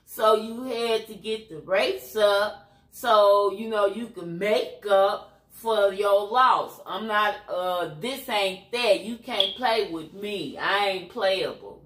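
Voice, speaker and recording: A woman's voice: medium pitch, slow, a bit bright, roomy sound. A woman from Chicago with a Chicago accent, a YouTuber giving a blunt, preachy, streetwise rant on a livestream. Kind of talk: ranting commentary livestream.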